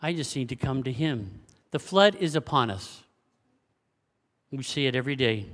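A man preaching a sermon as pastor, swinging between loud exclamations and hushed, low passages. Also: lively intonation, normal speed. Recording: long hall reverb.

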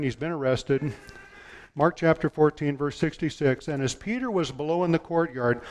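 A man preaching a sermon, retelling scripture with lively storytelling and dropping low and quiet for quoted lines. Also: slight background noise. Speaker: pastor.

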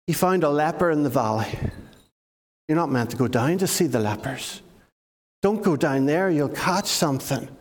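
A man with a fairly high voice tells church stories to children with plenty of energy, stopping often to ask his young listeners questions. His voice rings out with the long echo of a large hall. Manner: animated, asks the listeners questions. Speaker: preacher giving a children's talk. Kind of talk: lively storytelling sermon to children.

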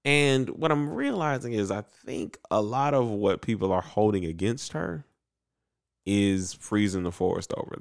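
A man casually recapping an anime episode, animated and acting out the characters in quick voices. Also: low-pitched, gravelly. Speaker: podcast co-host recapping an anime. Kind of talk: casual chat.

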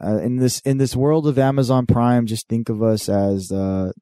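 A man's voice: medium pitch, steady tone, normal speed, dark tone, smooth, no room sound, clean studio sound. A man co-hosting a podcast, chatting casually and joking, swearing freely and acting out stories. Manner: swearing, joking, sings snatches of songs. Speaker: podcast co-host.

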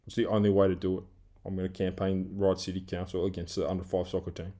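A man with an Australian accent rants through a solo podcast segment. His voice sits low and dark, and he swears freely as he rambles through his grievances. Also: monotone, fast talker. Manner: angry, heavy swearing, rambling rant; self-described big guy who coaches team training. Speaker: podcast host. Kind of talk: solo ranting monologue.

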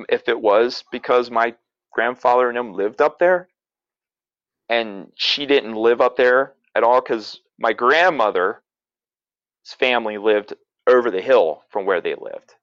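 A man's voice: lowish voice, no room sound, lo-fi sound. A man from Pennsylvania telling a family story in a casual, rambling way, with chuckles and self-corrections. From south-central Pennsylvania.

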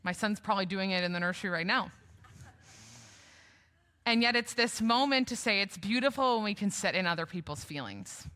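Young female preacher, bright and forceful, conversational sermon delivery with light humor, reverberant church hall. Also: mid-range voice, lively intonation, fairly quick. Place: church sanctuary.

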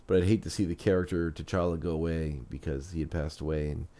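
A man's voice: extremely low pitch, fairly even intonation, brisk, warm tone. A man hosting a podcast, chatting casually with rambling restarts, then narrating a story. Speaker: podcast host.

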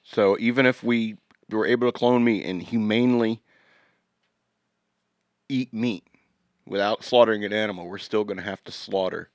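A man's voice: lowish voice, steady tone, moderate pace, long pauses, dry recording, clean studio sound. A man co-hosting a podcast in casual banter, rambling and joking, often trailing off and restarting. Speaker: podcast co-host.

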